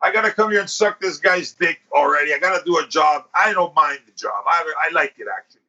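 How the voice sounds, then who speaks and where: A man's voice: on the high side, expressive, quick pace, bright, forceful tone. A male podcast host in casual chat, telling crude stories full of swearing and acting out what people said. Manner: crude, profane storytelling, acts out quotes. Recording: lo-fi podcast recording.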